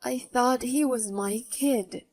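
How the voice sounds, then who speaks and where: Story read: woman playing an indignant ex-husband, slow, defensive. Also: on the high side, darkish tone. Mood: sulky. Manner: indignant, whiny. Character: angry defensive male ex-husband. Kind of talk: storybook narration. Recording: faint background music.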